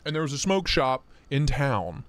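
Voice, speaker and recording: A man's voice: medium pitch, sing-song, normal speed, no room sound. A young man hosting a livestream in casual, profane, joking chat, reading viewer comments aloud. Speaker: livestream host. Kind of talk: casual live-stream chat.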